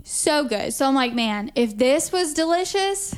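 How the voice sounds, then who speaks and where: A woman co-hosting a podcast in casual chat, talking fast and loose with lots of fillers and frequent laughs. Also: sits high, animated. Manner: chatty, laughs often, many "like" fillers. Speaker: podcast co-host.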